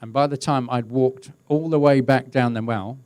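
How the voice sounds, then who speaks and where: A man's voice: medium pitch, normal speed, no room sound. Wry middle-aged man telling a webinar story. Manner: relaxed storytelling with wry humour and chuckles. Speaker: crowd safety and event management specialist. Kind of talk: webinar presentation, telling an anecdote.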